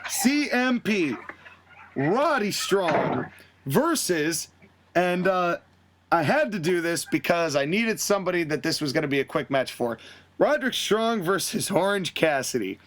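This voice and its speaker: A man's voice: on the high side, animated, normal speed, a bit bright, slight background noise. A man hosting a podcast, animatedly recapping a wrestling storyline and acting out the characters' quotes in shifting voices. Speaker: podcast host. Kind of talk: casual recap of a fantasy wrestling booking.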